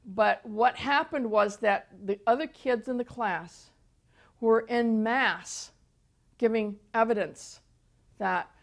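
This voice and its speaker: An older woman teaching through personal testimony, soft-spoken and storytelling, often repeating words as she gathers her thoughts. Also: fairly high pitch. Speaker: Christian teacher and author.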